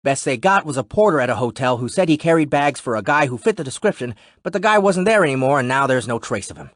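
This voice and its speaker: A man's voice: mid-range voice, animated, quick pace, fairly bright tone, no room sound, studio quality, voice pushed up, close to an everyday voice. A male audiobook narrator voicing a breezy, wisecracking cop. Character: joking, laid-back male cop.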